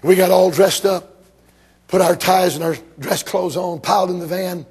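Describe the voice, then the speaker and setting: A man from Georgia preaching a sermon, telling stories emphatically and rising to shouts. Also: sits high, steady tone, normal speed, gravelly, breathy edge.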